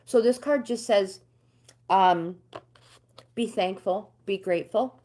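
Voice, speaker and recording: A woman's voice: mid-range voice, measured pace, a little mellow. An older woman hosting a casual livestream, chatting with viewers and reading tarot card meanings aloud.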